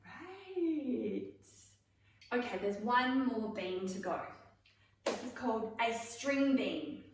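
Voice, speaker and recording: A woman's voice: a little high, a little slow, background noise. Playful woman drama teacher calling cues. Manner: playful, calls out cues with bursts of excitement. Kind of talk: online drama class for children. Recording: echoey room, mic far off.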